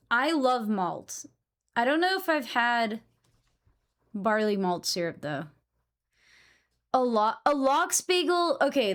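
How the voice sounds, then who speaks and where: A young woman from New England talks casually to her stream chat. Her voice sits a little on the high side, and her manner is blunt and opinionated, with plenty of swearing. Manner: chatty, blunt, swears freely.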